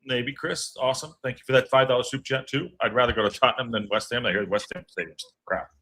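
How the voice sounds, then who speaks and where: A man's voice: medium pitch, steady tone, quick pace, bright, forceful tone. A man hosting a live fan podcast, chatting loosely and reading out viewer messages. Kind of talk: casual live watch-along chat.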